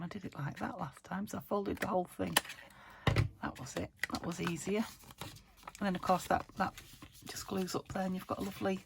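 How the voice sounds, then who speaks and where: A woman from the UK hosting a casual craft tutorial, chatty and self-chiding as she thinks aloud while working, her voice still slightly croaky. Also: lowish voice, a little fast, a little hiss or hum. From United Kingdom. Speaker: crafting channel host.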